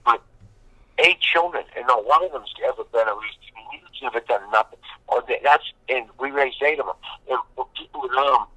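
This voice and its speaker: A man's voice: mid-range voice, a little fast, pushed and bright, dry recording, low-quality recording. A man, a guest in a casual interview, telling long rambling stories with lots of emphatic repetition. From Boston. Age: 50s.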